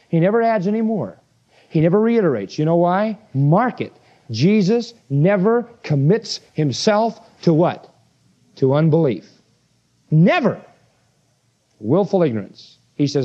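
At a normal pace, a male preacher delivers a sermon in a high, lively voice that jumps up and down as he drives his points home. He preaches with emphasis, firing rhetorical questions at his listeners, and the recording sounds dull and lo-fi.

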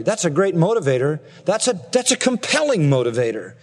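A man preaching an expository sermon earnestly, slowing down and rising in pitch to stress his points. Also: sing-song. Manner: earnest preaching, slows and rises for emphasis. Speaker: pastor. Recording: long reverb of a large hall.

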